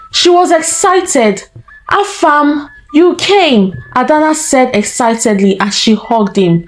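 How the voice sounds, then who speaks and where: A woman storyteller narrating a folktale in a slow, deliberate way. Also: a little high, poor audio.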